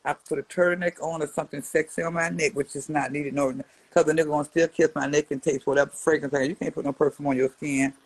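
A woman in her seventies delivering a profane trash-talking response rant to a rival. She is brash and mocking, and swings between low mutters and loud jabs. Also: fairly even intonation, fast, hardly any pauses, breathy edge, dry recording, poor audio. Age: 70s. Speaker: social media personality answering a rival.

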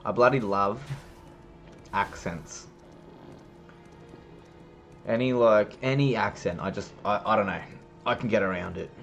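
A man's voice: on the low side, unhurried, pauses often, a bit bright, faint music behind. A young man giving casual, joking commentary while streaming a game, swearing now and then.

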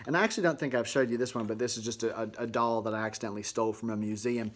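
A man playing a sugary, middle-aged mom vlogger, chatting to camera in a folksy, chirpy way with offhand dark asides. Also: medium pitch, lightly acted. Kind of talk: comedic vlog monologue to camera.

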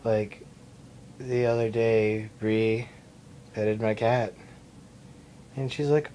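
A man's voice: mid-range voice, takes it slowly, pauses often, darkish tone, a little hiss or hum. A young man rambling and swearing in a casual, self-mocking way while he records himself at home. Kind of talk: casual vlog. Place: indoors at his mom's house. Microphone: self-recorded camera mic.

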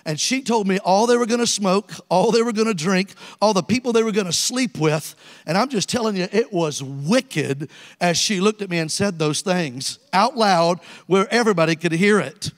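A man in his 60s preaches a sermon as an evangelist in a church sanctuary, telling stories and calling out to the congregation. His voice is high and his pace is normal, with the sound of a large hall.

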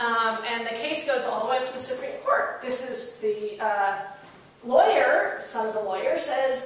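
A woman's voice: fairly high pitch, lively intonation, moderate pace. A woman law professor giving a public lecture, telling a story in a conversational, wry way, with fillers and restarts. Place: lecture hall. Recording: very echoey room, voice heard from a distance, faint noise.

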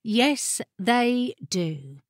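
A woman's voice: a little high, animated, very slow, no echo, clean studio sound. A woman voicing a small, haughty female dragon in an audiobook, with a prim, sniffy manner. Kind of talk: audiobook character voice.

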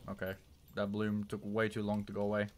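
Excitable young man streaming games. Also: a little fast. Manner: excitable, swings from loud yelps to low mutters. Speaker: livestreamer. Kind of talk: live gameplay commentary. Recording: noisy home stream mic with key clicks.

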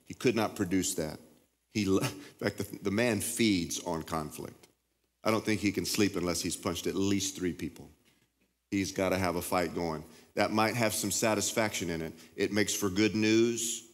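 A man with a Texan accent preaching a sermon as pastor, with emphatic, impassioned delivery that jumps up in pitch when he gets revved up. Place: large church hall. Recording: reverberant church hall.

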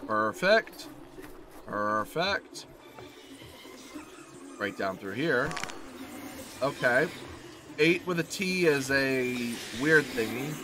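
A man's voice: medium pitch, animated, very slow, long pauses, noisy background. A man hosting a horror game let's play, joking with the enemy and yelping whenever he gets hit. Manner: jokey, talks to the enemy, yelps when hit. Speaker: gaming channel host.

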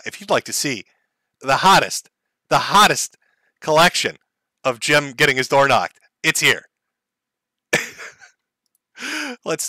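Sarcastic laughing streamer, bright voice. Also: male voice, mid-range voice, no echo. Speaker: streamer host. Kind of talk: mocking live-stream commentary.

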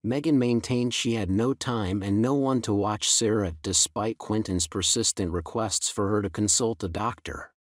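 A man narrating a scripted melodramatic story in an even, unhurried reading. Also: lowish voice, no room sound, clean studio sound.

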